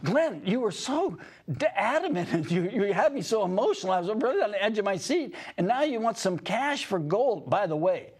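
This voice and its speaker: Emphatic high-voiced older male radio host. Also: sing-song, slightly rough. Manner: emphatic, mocking, quick to interrupt. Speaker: radio talk show co-host. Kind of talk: opinionated political banter.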